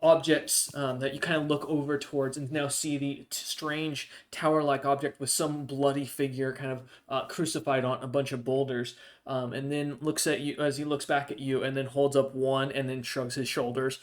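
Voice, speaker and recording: A man's voice: mid-range voice, flat delivery, normal speed. A man narrating as game master of a tabletop game, hesitant and full of ums and uhs.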